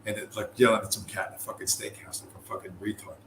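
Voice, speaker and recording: A man's voice: on the low side, flat delivery, quick pace, fairly bright tone. A middle-aged man from the United States telling a long, profane, rambling story in casual talk. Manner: profane, rambling, full of fillers and restarts. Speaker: podcast host. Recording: roomy with faint background noise.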